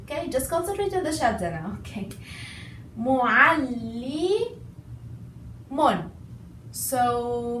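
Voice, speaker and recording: A woman language teacher explaining a lesson patiently, repeating words slowly and stressing each syllable. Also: a little high, slight background noise. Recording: echoey room, voice a bit far from mic.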